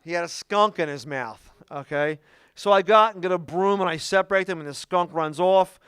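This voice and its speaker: A man's voice: sits high, normal speed, fairly bright tone, smooth, no room sound, clean studio sound. A man performing a stand-up comedy set, telling stories in a punchy way and often checking in with the crowd with "okay?". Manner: punchy storytelling with frequent "okay?" asides. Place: comedy show before a live audience.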